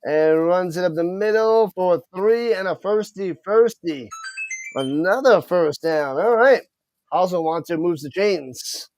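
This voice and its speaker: Guy doing live football play-by-play, kinda high voice, dry close sound, greets the chat and fumbles names. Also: takes it slowly, dry recording, soft background music. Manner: excited commentary, chats with viewers, stumbles over names. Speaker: play-by-play streamer.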